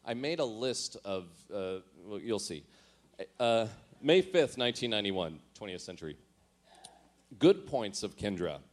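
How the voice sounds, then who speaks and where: A man's voice: on the low side, big pitch swings, measured pace. A man giving a comic reading of his teenage diary. He mocks his own writing and laughs at himself as he goes. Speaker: storyteller.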